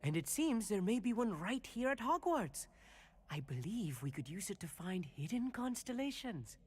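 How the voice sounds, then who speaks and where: Eager young student, astronomy nerd, bit boastful, chatty, bouncy pitch. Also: male voice, big pitch swings, moderate pace, breathy edge, heavily acted. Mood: conspiratorial. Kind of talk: video game voice acting.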